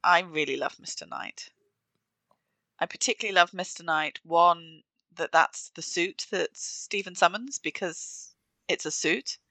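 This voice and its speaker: A woman's voice: fairly low pitch, measured pace, sharp tone, no room sound. A woman co-hosting a podcast in casual chat, giving enthusiastic commentary. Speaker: podcast co-host.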